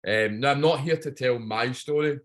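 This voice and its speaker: A man's voice: medium pitch, moderate pace. A Scottish man giving a blunt, jokey, swearing pep talk on a video training call. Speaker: guest speaker on a training call.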